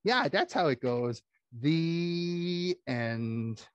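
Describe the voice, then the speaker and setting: A man telling nursery rhymes with puppets for children, playful and theatrical. His voice bounces lively up and down at an unhurried pace. The sound is dry and close. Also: on the high side, clear, resonant tone, no echo, lo-fi sound. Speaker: puppeteer and storyteller. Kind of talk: children's puppet show storytelling.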